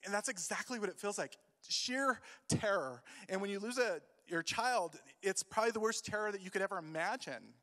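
Man, youth pastor, emotional sermon, high voice, long hall echo. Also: expressive, a little fast. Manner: emotional, swings from quiet grief to loud urging. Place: church hall.

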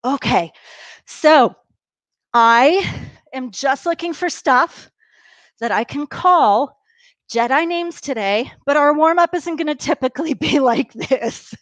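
A woman's voice: sits high, animated, slow, dry recording. A woman leading a live workout class, upbeat and encouraging, counting down reps and a bit out of breath from exercising along. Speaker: fitness instructor.

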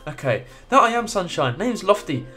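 A man's voice: sits high, very animated, normal speed, pushed and bright, faint music behind, heavily acted. A man reading a chatty, touchy little male creature's lines aloud in a raised, chirpy, sarcastic voice. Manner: chirpy, sarcastic, mock-hurt.

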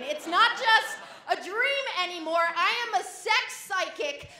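A woman telling a frank, animated comic story on a live stage, often laughing through her lines. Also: very high voice, a little slow, hardly any pauses, roomy sound, a crowd in the background.

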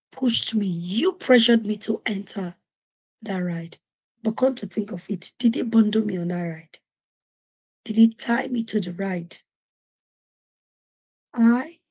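Husky-voiced woman telling a story. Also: mid-range voice. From Nigeria. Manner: animated, acts out quoted voices. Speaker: podcast host. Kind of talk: storytelling monologue.

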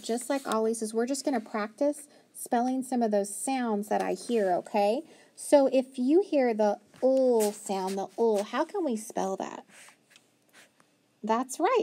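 A woman teaching a phonics lesson to young children, patient and encouraging, sounding out letters slowly. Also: a little high, mellow.

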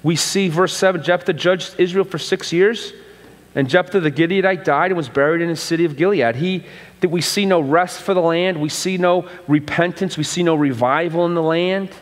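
A man's voice: fairly high pitch, normal speed, big-room sound. A male pastor giving a conversational sermon, often restarting phrases and acting out quotes. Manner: conversational preaching with repeated restarts and acted-out quotes. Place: church sanctuary.

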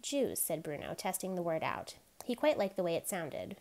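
A woman reads a novel aloud in a voice pitched a little low. She keeps a gentle, even storytelling manner and gives each character a light touch of their own voice. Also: normal speed. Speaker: reader.

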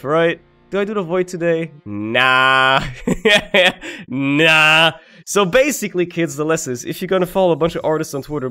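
A young man giving rambling, profane casual commentary over his gameplay, swinging between loud bursts and quiet mutters. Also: mid-range voice. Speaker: gaming YouTuber.

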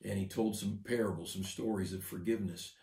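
A man's voice: lowish voice, steady tone, brisk, dark tone, echoey room, recorded from a distance. A man, a pastor, giving an earnest devotional sermon and often repeating words as he builds a point.

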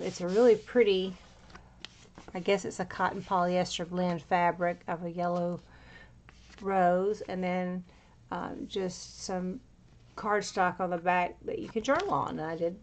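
A woman with a voice on the low side, fairly even in intonation and a little slow, walks through a handmade journal she crafted. She chats and meanders with fillers, a bit out of breath. There's slight background noise.

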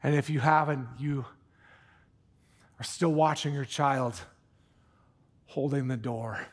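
A man preaching a sermon from the pulpit, animated and earnest, dropping into hushed intensity for emphasis and tossing in casual jokey asides. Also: mid-range voice, slow pace. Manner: jokey asides with put-on accents. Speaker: pastor. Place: church sanctuary.

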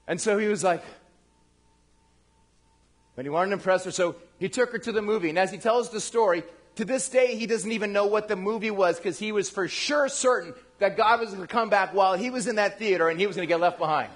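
A male pastor preaching a lively, conversational sermon, speaking directly to his congregation and acting out the voices he quotes. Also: high-pitched, a little fast. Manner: animated, acts out quoted voices.

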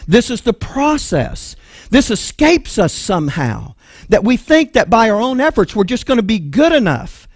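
A man's voice: high voice, big pitch swings, normal speed, dry recording, clean studio sound. A man with a Texan accent preaching a sermon, emphatic and full of rhetorical questions. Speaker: pastor.

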